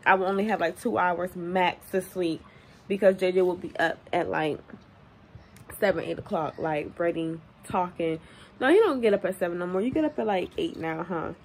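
A woman's voice: fairly low pitch, darkish tone, slight background noise. A young adult woman and mother chatting candidly to her viewers in a casual day-in-the-life vlog at home, calling them y'all. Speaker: vlogger and mother of two babies.

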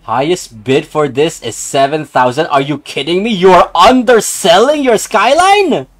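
A young man streams a racing game in loose, casual commentary. His voice sits high and is very lively, sliding from quiet muttering to sudden excited outbursts. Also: a little slow. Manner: excitable, swings from mumbling to outbursts.

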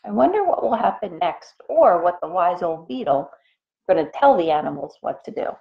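A woman teacher reads a picture book aloud to young children, pausing to explain things to them. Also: on the low side, gravelly, narrow, tinny audio. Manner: expressive, pauses to explain to young listeners.

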